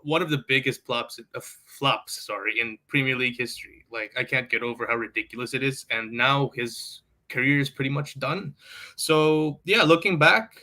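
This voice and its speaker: A man's voice: mid-range voice, fairly even intonation, normal speed, bright, forceful tone. A man co-hosting a casual sports podcast, blunt and joking, with some swearing. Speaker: podcast co-host.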